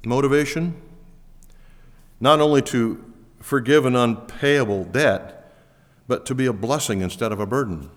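A man preaching a sermon as pastor, pushing key words up loudly, then falling back low and quiet. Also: a little slow, long pauses. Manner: emphatic, rising to stress key words, then dropping low. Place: church auditorium. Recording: long hall reverb.

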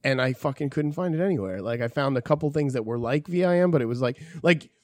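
A man joking and chatting excitably as a podcast co-host. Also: medium pitch, dry recording, clean studio sound. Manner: quick, jokey, excitable. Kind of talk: casual chat.

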